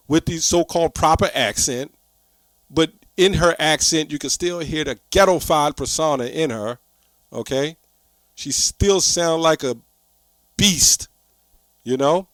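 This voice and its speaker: A man's voice: a little high, dry recording. A man giving preachy online commentary, reading scripture aloud in an emphatic, repetitive way that keeps rising into heated outbursts.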